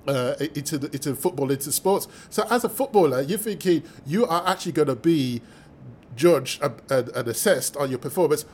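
Man, from the UK, somewhat high voice, animated storyteller, conversational guest. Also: fairly quick, slight background noise. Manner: lively, acts out quoted voices, laughs while telling. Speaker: mathematician guest.

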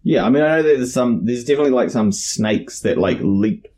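A man's voice: mid-range voice, expressive, fairly quick, darkish tone. A man chats as a guest on a casual film-review podcast. He jokes and rambles, often stopping to restart a sentence. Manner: joking, rambling, hesitant with many restarts.

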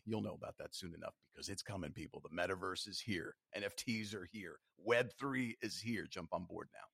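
A man's voice: on the low side, vocal fry, dry recording, clean studio sound. A man being interviewed as a podcast guest, talking earnestly and motivationally, with some rambling restarts.

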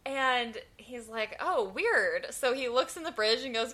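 Bright-voiced young woman telling a story. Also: high-pitched, moderate pace, hardly any pauses. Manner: animated storyteller, laughs often. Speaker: podcast co-host. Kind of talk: casual chat.

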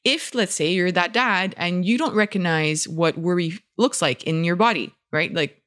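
A middle-aged woman, a neuroscientist guest, explaining in relaxed conversation and acting out little quoted scenes. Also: lowish voice, normal speed. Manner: animated, acts out quoted parents and children.

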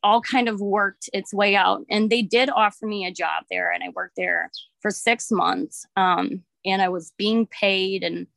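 A woman's voice: mid-range voice, steady tone, a little slow, gravelly, a bit bright, no echo. Brief: thirties woman, loose candid storyteller, filler-heavy, dry close sound. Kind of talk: casual storytelling.

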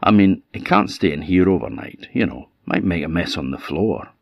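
A man's voice: low voice, animated, moderate pace, creaky, no echo, clean studio sound, heavily acted. A man with a Scottish accent voicing a fussy, worried old woman, a woodcutter's wife. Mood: doubtful.

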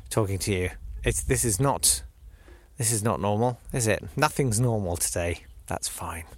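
Male podcast host, casual and rambling, mid pitch, dry outdoor recording. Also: no room sound. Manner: rambling, self-interrupting. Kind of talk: casual chat. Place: outdoors in a muddy field.

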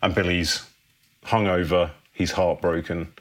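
A man's voice: low-pitched, little pitch movement, a little slow. A man hosting a podcast, telling a film story in a laid-back, casual way and ending phrases with "man".

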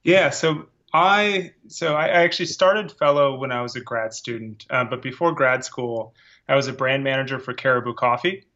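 A man's voice: medium pitch, normal speed, bright, forceful tone, dull audio. A man being interviewed as a founder on a podcast, casual, with frequent fillers and restarts. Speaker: guest, company founder.

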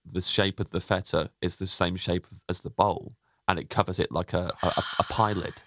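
A man's voice: low-pitched, level tone, a little fast, fairly bright tone, slight background noise. A man co-hosting a podcast in casual chat, playful and self-deprecating, laughing often. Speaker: podcast co-host.

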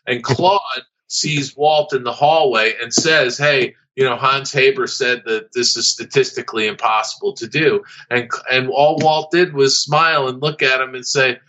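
A man with a bright, forceful voice tells a long story as a podcast guest. He often stops and restarts with plenty of fillers, and the recording sounds dull and lo-fi. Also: mid-range voice, fairly even intonation. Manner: halting, with many fillers and restarts. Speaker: guest, former studio artist. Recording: dull lo-fi audio.

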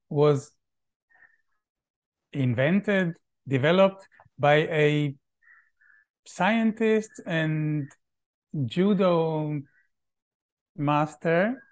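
A middle-aged man, a Hebrew speaker, answers interview questions on a podcast. He talks slowly and thoughtfully, stopping often to search for words. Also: on the high side, lively intonation, smooth. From Israel. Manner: thoughtful, halting, with many pauses and fillers. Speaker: guest, Feldenkrais practitioner.

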